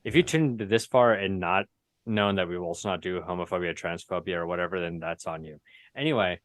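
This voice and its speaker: A man's voice: deep voice, quick pace, no echo. Rambling man hosting a tabletop game. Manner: rambling, filler-heavy, self-correcting. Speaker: game master and host. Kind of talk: casual chat opening a live tabletop show. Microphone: video call.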